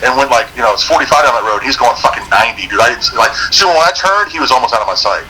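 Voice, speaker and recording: A man's voice: mid-range voice, racing, soft background music, rough recording. A man telling a story in casual chat, swearing freely and acting out what people said. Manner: animated, profane, acts out quotes.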